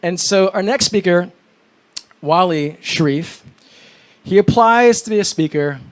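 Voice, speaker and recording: A man from New York, an event emcee introducing the next speaker on stage with animated storytelling. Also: high-pitched, unhurried. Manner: animated storytelling, mimics phone calls.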